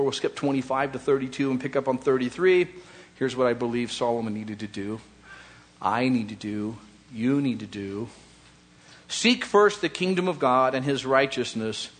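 A man preaching a conversational sermon, acting out imagined prayers and excuses, shifting between soft low murmurs and raised emphatic phrases. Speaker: pastor.

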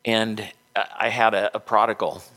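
A man's voice: fairly low pitch, flat delivery, moderate pace, bright, forceful tone. A middle-aged man preaching a sermon as a pastor, with folksy, conversational storytelling.

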